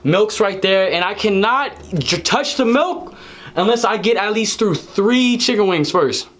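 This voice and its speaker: Excitable, profane young man, high animated voice. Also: a little slow. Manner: excitable, profane, loud yelps and exclamations. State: flustered and teary from spicy food. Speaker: challenge video creator. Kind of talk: casual on-camera commentary while eating. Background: background music.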